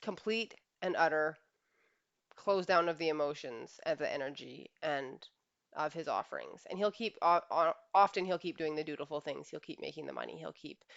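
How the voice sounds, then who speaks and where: A woman's voice: low-pitched, normal speed, vocal fry, no room sound, muffled recording. A woman relationship coach giving an earnest reflective monologue, often sighing. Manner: earnest, with frequent sighs.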